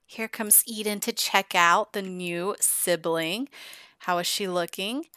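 A woman's voice: mid-range voice, slow pace, no echo, studio quality. A woman giving casual, gushing commentary while playing a life-sim game. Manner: chatty, gushing and excitable. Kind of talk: casual let's-play commentary.

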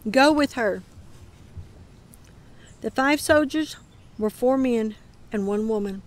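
A woman reading her dream account aloud in a calm voice that often drops to a murmur. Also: fairly high pitch, slow. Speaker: ministry dream teller.

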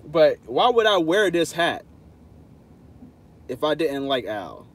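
A man's voice: fairly high pitch, big pitch swings, takes it slowly. A man hosting a casual livestream, talking straight to his viewers in a playful, insistent way. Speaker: channel host talking to live chat.

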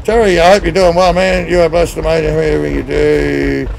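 Chatty man, gravelly voice. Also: fairly high pitch, level tone, a little fast, slight background noise. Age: middle-aged. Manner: chatty, greets viewers by name, upbeat. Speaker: game streamer. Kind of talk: casual live-stream chat while playing.

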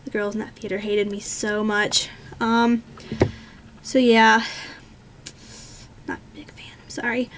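A young woman in her twenties with a high voice chats casually to the camera, answering viewer questions. She rambles, stops to correct herself and fills the gaps with ums. Her tone is easygoing and pokes fun at herself. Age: 20s. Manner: chatty and rambling, many ums and self-corrections. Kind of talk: casual chat.

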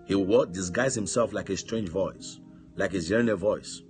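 Speaking at a normal speed, a man delivers a passionate sermon in a deep, low voice. He punctuates his points with "amen" and "hallelujah" while faint music plays in the background.

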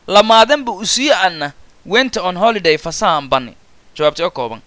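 A man's voice: high voice, animated, sharp tone, no room sound. Somali-accented man teaching English phrases. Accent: Somali, Maay. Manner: repeats English phrases slowly, then explains in Somali. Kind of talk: bilingual grammar lesson.

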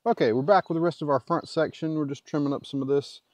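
A man's voice: on the high side, steady tone, fast talker, slight background noise. A man casually talking through a hands-on butchering job, rambling and correcting himself as he goes. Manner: rambling, self-correcting, chatty asides. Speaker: homesteader demonstrating butchery. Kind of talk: casual how-to commentary while working.

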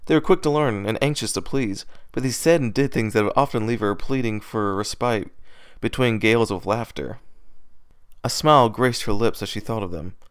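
Smooth-voiced man reading a story aloud. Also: lowish voice, moderate pace, no room sound. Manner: steady reading with small slips and restarts. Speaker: fan fiction reader. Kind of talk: amateur read-aloud narration.

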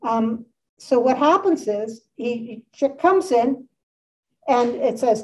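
A woman in her 60s delivers a relaxed art history lecture in a community center meeting room, enthusiastic and talkative with frequent asides. Her slightly high voice has lively intonation and a slow pace, heard in a distant, dull room recording.

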